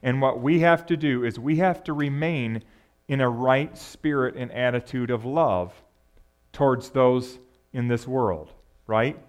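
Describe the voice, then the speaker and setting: Here a man with a mid-range voice preaches at a somewhat slow pace. His sermon feels conversational, and he repeatedly asks the congregation questions he doesn't expect answered.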